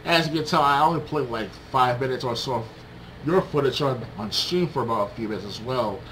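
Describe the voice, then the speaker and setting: A young man co-hosting a casual gaming podcast, talking excitedly and acting out reactions. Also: medium pitch, a little fast, low-quality recording. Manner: animated, excitable, acts out reactions. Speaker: podcast co-host. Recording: faint background noise.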